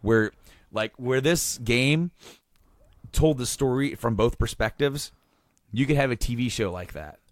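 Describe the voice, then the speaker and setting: A man's voice: medium pitch, unhurried, no room sound, clean studio sound. A man hosting a podcast, recapping with rambling, enthusiastic casual chat and many restarts. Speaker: podcast host.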